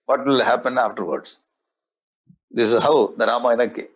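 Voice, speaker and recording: A man's voice: medium pitch, fairly even intonation, normal speed, a bit bright, breathy edge. A man with a Tamil-influenced Indian English accent gives a spiritual discourse as a swami, explaining Sanskrit verses line by line with playful mimicry.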